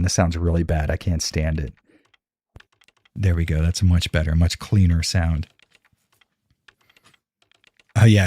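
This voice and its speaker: Close to a dynamic broadcast mic at his home streaming setup, a man live-streams and chats casually with viewers, rambling and swearing freely as he answers chat. His voice sits low with a dark tone, and there's no echo.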